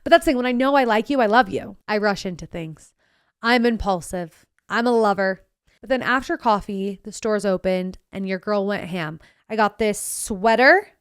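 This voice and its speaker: A woman's voice: mid-range voice, moderate pace, smooth, dry recording, studio quality. A young woman hosting a podcast, telling a story in a sarcastic, bubbly, chatty way and acting out the people she quotes. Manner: sarcastic, bubbly, quotes herself in animated voices. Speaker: podcast host. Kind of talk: casual storytelling monologue.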